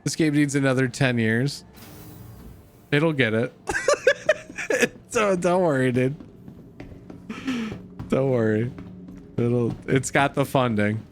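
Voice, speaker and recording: A man's voice: medium pitch, slow, pauses often. A young male streamer talks through a space game with a mid-range voice. He curses freely, cracks jokes and laughs often, with game music playing under him. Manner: profane, joking, laughs often, calls everyone dude. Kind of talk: casual gaming commentary.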